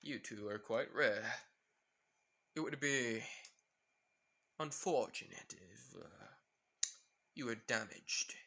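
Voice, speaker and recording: A man putting on a slow, calm villain. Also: mid-range voice, creaky, breathy edge, heavily acted. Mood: sinister. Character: calm sinister male villain, slow and smooth.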